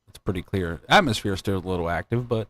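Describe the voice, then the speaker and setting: A man's voice: low voice, lively intonation, fast, a bit bright. A man hosting a live stream, chatting casually and telling rambling stories with frequent laughter. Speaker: livestream host.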